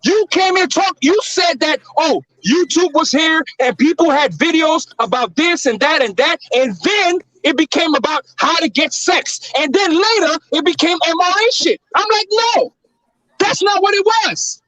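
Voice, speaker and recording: A man with a high-pitched voice rants heatedly at his fellow panelists. He swears freely and hammers his point home. The sound is dry and close, with no room echo. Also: animated, moderate pace, hardly any pauses, pushed and bright. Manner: heated, profane ranting.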